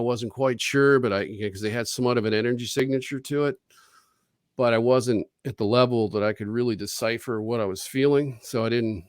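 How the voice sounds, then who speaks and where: A man tells his story over a video call, rambling and casual, full of restarts and bits of quoted talk. His voice sits at a middle pitch, and the sound is very dry. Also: no echo. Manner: rambling, profane, with frequent restarts and quoted dialogue. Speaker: interview guest.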